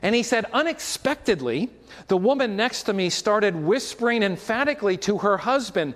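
A man's voice: sits high, expressive, moderate pace, a bit bright, in a large hall. A man preaching a sermon as pastor, in a conversational way with frequent asides to the congregation.

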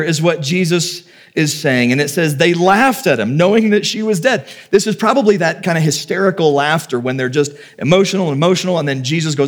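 A pastor with a fairly high-pitched, expressive voice preaches at a brisk clip. After reading scripture aloud, he retells it with feeling in a conversational, heartfelt style, adding personal stories along the way.

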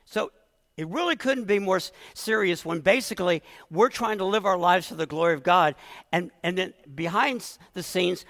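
A man's voice: high voice, moderate pace, fairly bright tone, big-room sound. A middle-aged man preaching a sermon as pastor, earnest and emotional, often restarting his words.

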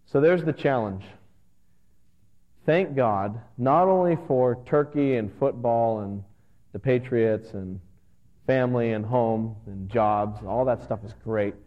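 A man's voice: medium pitch, takes it slowly. Earnest man preaching in a reverberant hall. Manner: conversational, earnest, animated at times. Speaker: pastor. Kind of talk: sermon. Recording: dull lo-fi sound with long hall reverb.

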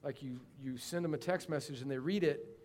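A man's voice: on the high side, fairly quick, darkish tone. Man pastor, conversational teaching. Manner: conversational, calls on people by name, builds to impassioned emphasis. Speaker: pastor leading a midweek church class. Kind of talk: informal sermon and discussion.

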